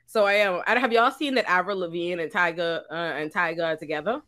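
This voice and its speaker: A woman chatting on a podcast panel, telling profane, slangy stories that swing from low asides to loud laughing shouts. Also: a little fast, no room sound. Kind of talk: casual podcast chat.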